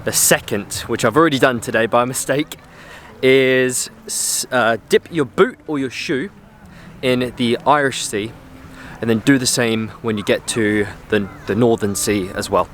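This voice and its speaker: An upbeat man talks to a handheld camera while hiking a coastal trail. His voice sits at an ordinary middle pitch, chatty and loose, with frequent fillers. Faint outdoor noise hums behind him. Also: unhurried, fairly bright tone. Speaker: hiker vlogger. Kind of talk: casual travel vlog.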